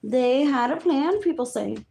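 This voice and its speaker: A woman's voice: high voice, lively intonation, vocal fry, warm tone. A young adult woman rambling alone on a livestream, switching between English and Spanish, repeating herself and muttering asides. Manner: slow, drifting and repetitive, with muttered asides. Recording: roomy echo.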